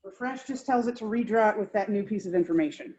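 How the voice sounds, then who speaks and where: A woman instructor giving a classroom software demonstration, blunt and informal, with quick asides to her students. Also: mid-range voice, breathy edge, dull audio. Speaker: GIS instructor.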